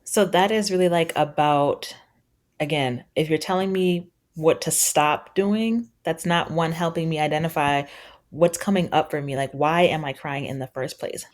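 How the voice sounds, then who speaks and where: A woman's voice: low voice, normal speed. A woman guest on a parenting podcast, earnestly explaining her ideas with examples and quoting what parents and kids say. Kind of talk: conversational interview.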